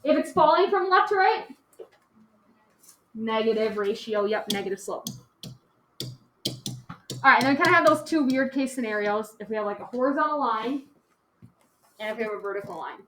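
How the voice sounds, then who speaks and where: A woman teaching a lesson in a slightly high voice, talking casually and peppering her explanations with "like" and "okay". She is recorded in an echoey classroom. A faint noise hangs behind her. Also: animated, normal speed, long pauses, a bit bright. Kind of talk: classroom lecture.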